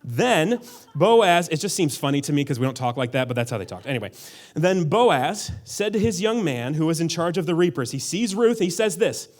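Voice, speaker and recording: A man delivers a sermon as a pastor. His voice sits a little higher than most men's. He keeps it relaxed and conversational, often breaking off into side remarks. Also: moderate pace. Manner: casual and conversational, with frequent asides.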